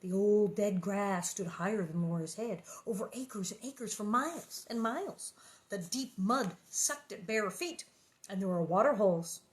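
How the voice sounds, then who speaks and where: A middle-aged actress reading a children's book aloud to viewers, then chatting casually and animatedly with many fillers. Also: female voice, medium pitch, animated, a little slow. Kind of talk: storybook reading and casual chat.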